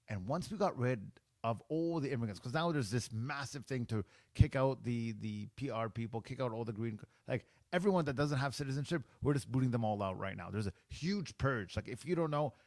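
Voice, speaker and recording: A man's voice: mid-range voice, darkish tone, no room sound. A man in his forties from Canada, hosting a podcast and giving an opinionated monologue, stressing and repeating his points as he speaks straight to the listener. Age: 40s. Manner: emphatic, repeats points, addresses listeners directly. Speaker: podcast host.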